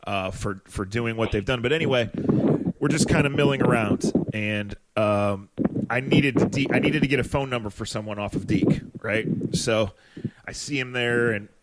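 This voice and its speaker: Man, sports reporter, podcast co-host, rambling anecdotal chat, mid-pitched voice. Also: normal speed, very noisy.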